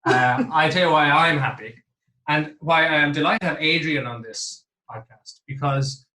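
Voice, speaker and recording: An Irish man hosts his podcast in a jovial, chatty way, poking fun at himself as he goes. His voice is bright and forward, pitched in the middle. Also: normal speed. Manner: jovial, chatty, self-deprecating. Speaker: podcast host. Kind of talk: casual podcast chat.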